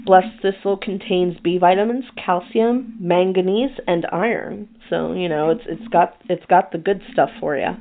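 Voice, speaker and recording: A woman hosting a podcast in casual chat, reading from her notes. She is chatty and self-deprecating and stumbles over hard names. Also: on the low side. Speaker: podcast host. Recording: tinny phone-like sound.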